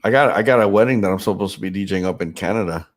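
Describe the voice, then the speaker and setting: A man's voice: sits low, very fast. A man hosting a casual podcast chat, teasing and swearing freely, with a stuffed-up nose. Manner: profane, joking, teasing. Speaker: podcast host and DJ.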